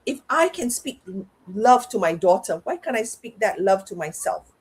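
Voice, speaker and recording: Husky-voiced woman coach, reflective. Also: medium pitch, sing-song, normal speed. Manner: reflective, talks herself through things aloud. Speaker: guest, parenting and life coach. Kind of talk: candid conversational interview.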